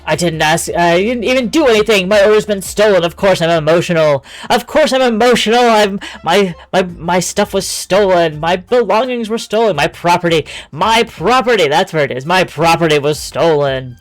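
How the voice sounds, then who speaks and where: A woman's voice: fairly low pitch, expressive, moderate pace, hardly any pauses, no echo, soft background music, lightly acted. A woman reading the lines of an indignant, entitled male customer in a game, blustering about being robbed.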